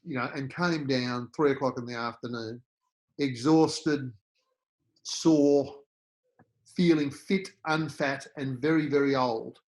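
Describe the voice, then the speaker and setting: A middle-aged Australian man, a podcast guest, telling personal stories in an animated way and acting out the voices he quotes. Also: medium pitch, poor audio. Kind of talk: storytelling interview.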